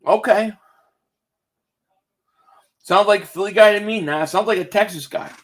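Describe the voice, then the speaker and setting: Excitable high-voiced male game streamer. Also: normal speed. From Philadelphia area. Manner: loose and excitable, swearing, reading chat aloud. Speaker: streamer reacting to a football game. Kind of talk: casual live-stream chat and play-by-play. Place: home, indoors.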